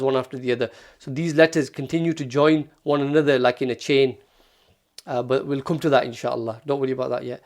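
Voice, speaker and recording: A man's voice: on the high side, darkish tone. A man teaching recitation step by step, patiently sounding out syllables and repeating them for learners.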